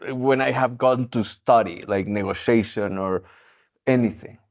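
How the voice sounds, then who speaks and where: A man co-hosting a casual podcast, laid-back and halting, with lots of fillers. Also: medium pitch. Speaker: podcast co-host. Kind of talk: casual chat.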